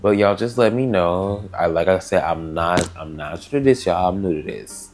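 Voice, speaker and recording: A man's voice: deep voice, normal speed, darkish tone, soft background music. A young man chatting in a casual, rambling, slangy way, answering get-to-know-me questions on his vlog. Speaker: vlogger. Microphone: camera mic.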